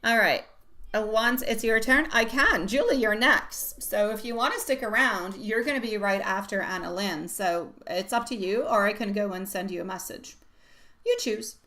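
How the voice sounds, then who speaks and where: A woman's voice: medium pitch, moderate pace, bright, forceful tone. Affectionate woman tarot reader. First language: French. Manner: affectionate, calls viewers sweetie and love. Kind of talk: casual live-stream chat. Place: at home.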